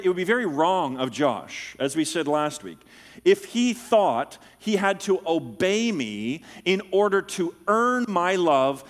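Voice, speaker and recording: A middle-aged man preaching a sermon, teaching in an animated way and checking that listeners follow him. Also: sits high, long reverb tail. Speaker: pastor.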